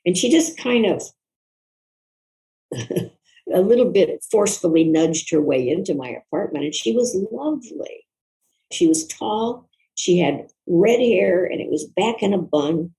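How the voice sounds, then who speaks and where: An older woman, a guest author, recalling a personal story in an interview in a reflective, soft-spoken, earnest way. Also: fairly low pitch, expressive, unhurried, low-quality recording.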